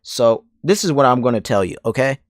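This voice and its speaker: A man's voice: mid-range voice, lively intonation, brisk, no room sound, studio quality. A man delivering a heated, profane call-out rant straight at someone, hammering the same points over and over. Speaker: commentary channel host.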